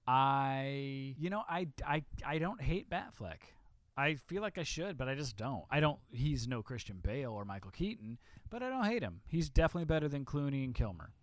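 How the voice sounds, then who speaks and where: A man's voice: mid-range voice, normal speed, no echo. Man, podcast co-host, casual rambling talk, swears a lot, dry close sound. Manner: profane, rambling, animated retelling. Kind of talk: casual chat.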